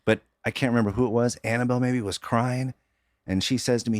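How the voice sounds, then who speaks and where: A man's voice: mid-range voice, steady tone, fast, no echo, clean studio sound. Jokey man guest telling stories. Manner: jokey, self-deprecating storyteller. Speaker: guest, filmmaker. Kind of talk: casual chat.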